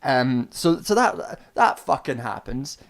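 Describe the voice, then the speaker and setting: A man's voice: medium pitch, sing-song, slow pace. A young Scottish man streaming, ranting casually and sardonically about a film, swearing often and restarting his sentences. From Scotland. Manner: profane, sardonic, rambling with restarts.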